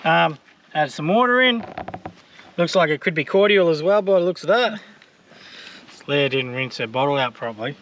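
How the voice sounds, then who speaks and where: A man's voice: on the high side, lively intonation, moderate pace, pauses often, a bit bright, dull audio, slight background noise. An Australian man chatting casually as he cooks for his vlog, loose and joking, with plenty of fillers. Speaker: vlogger cooking on camera. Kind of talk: casual cooking vlog chat.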